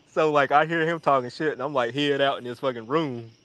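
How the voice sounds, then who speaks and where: Male storyteller, profane and rambling, mid pitch, slides into a hushed mutter at times. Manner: profane, rambling, acts out quoted voices in a high pitch; drops to a hushed mutter when reflecting. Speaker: storyteller on a live audio chat. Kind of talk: casual storytelling.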